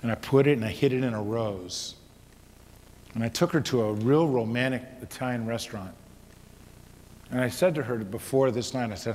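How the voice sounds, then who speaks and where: A middle-aged man telling a personal story to an audience, his delivery swinging from loud exhortation to hushed, quiet tones. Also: mid-range voice, normal speed, pauses often. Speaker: speaker. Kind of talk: storytelling talk. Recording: reverberant hall with faint noise.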